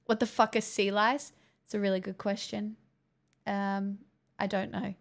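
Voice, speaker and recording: A woman's voice: medium pitch, little pitch movement, measured pace, creaky. A young woman live streaming on a headset mic, chatting to her viewers in a giggly, rambling, self-mocking way. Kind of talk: casual chat with stream viewers.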